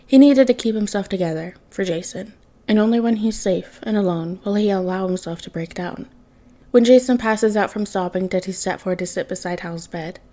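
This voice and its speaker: A woman's voice: mid-range voice, normal speed, mellow. A woman reading fan fiction aloud, narrating with emotion. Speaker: podfic reader.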